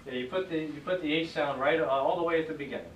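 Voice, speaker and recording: A man teaching a class, upbeat, with a slightly high voice. He drills his students with call and response. He is recorded from across an echoey classroom, with faint noise in the background. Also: fast talker, far from the mic, highs cut off. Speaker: Greek teacher. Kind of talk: classroom lesson.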